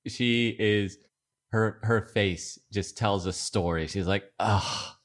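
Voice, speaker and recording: A man with a low voice on a casual podcast, explaining his habits slowly and with pauses. He sounds calm and plain, a guest voice among the hosts. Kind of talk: casual chat.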